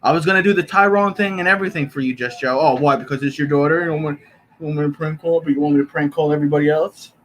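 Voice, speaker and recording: A man's voice: fairly high pitch, fairly even intonation, very fast, a bit bright, slight background noise, rough recording. Rambling young male streamer. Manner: rambling, joking, profane. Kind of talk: casual live-stream chat. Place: bedroom.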